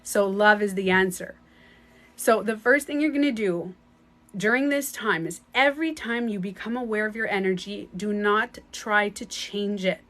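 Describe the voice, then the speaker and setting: A woman's voice: mid-range voice, moderate pace, fairly bright tone. A woman speaking as a spiritual coach in a casual motivational talk. She is emphatic and blunt, swears casually and often repeats herself.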